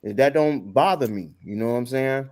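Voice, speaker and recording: A man's voice: mid-range voice, moderate pace, darkish tone. A man on a video call, off camera and eating, firmly repeating his view in a casual panel discussion. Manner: firm, repeats his point. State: eating while talking. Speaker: panel guest.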